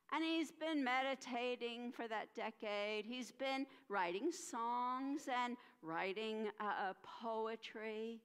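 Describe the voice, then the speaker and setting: A woman minister telling a story during a church service, animated, with dramatic pauses and acted voices. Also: on the high side. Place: church sanctuary. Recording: reverberant church sanctuary.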